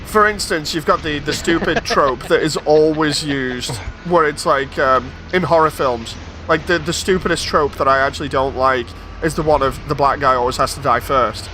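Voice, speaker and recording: A man's voice: on the high side, moderate pace, few pauses, bright, forceful tone, a little hiss or hum. A man streaming a game, talking casually and rambling through opinions with many restarts. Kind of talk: casual gaming stream chat.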